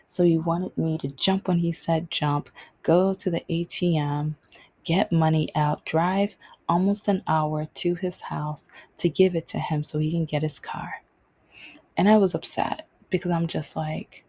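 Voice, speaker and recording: Rich: A woman with a low, warm, husky voice chatting through a personal story on her vlog. She rambles and restarts her sentences as she goes, in a loose, conversational way. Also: flat delivery, moderate pace. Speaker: vlog host.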